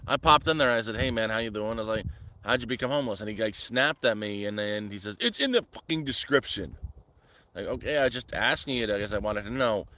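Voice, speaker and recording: A man's voice: lowish voice, quick pace, pushed and bright, a little hiss or hum. A man from Canada chatting casually on a livestream at his rural homestead, rambling and frustrated, sometimes scolding his dog. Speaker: vlogger.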